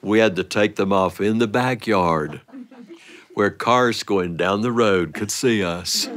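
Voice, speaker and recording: A man performing a playful family story for listeners, animated and often breaking into laughter. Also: fairly low pitch.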